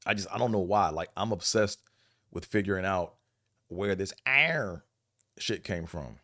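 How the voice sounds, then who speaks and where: Animated rambling man from Buffalo. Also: low-pitched, a little slow, dry recording, studio quality. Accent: Buffalo, New York. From Buffalo, New York. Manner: rambling, animated, profane, mimics accents. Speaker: vlog host. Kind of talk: casual monologue.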